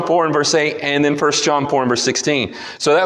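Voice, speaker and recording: A man preaches a sermon in a church hall, his fairly high voice carrying a long hall reverb. He leads a quiet prayer, then teaches with rising emphasis. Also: fairly even intonation, a little fast, hardly any pauses. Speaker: pastor.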